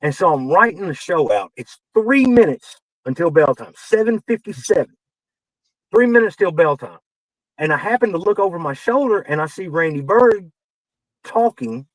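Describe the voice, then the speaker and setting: Man, podcast guest, animated storytelling, heated, swears, higher voice, dry sound. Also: moderate pace, long pauses, dry recording, rough recording. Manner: animated, acts out quoted dialogue, gets heated and swears. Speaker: podcast guest, wrestling veteran. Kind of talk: casual storytelling.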